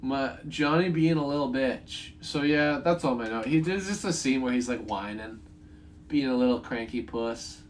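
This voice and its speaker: A man's voice: mid-range voice, expressive, normal speed, slight background noise. A young man with a voice in the middle of the usual range runs through his notes on a film. He rambles, swears freely, and breaks off to chuckle at his own points. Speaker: movie reviewer. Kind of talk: casual spoken movie review.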